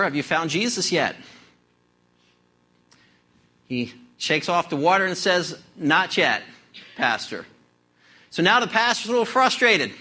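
A pastor delivers a sermon in a high, bright, forceful voice. He leans into his points with emphatic preaching and reads scripture aloud. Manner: storytelling, then emphatic preaching.

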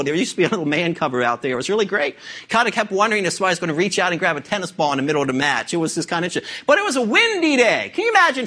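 Animated, bright-voiced male preacher. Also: high-pitched. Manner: emphatic, full of rhetorical questions. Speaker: pastor. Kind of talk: sermon.

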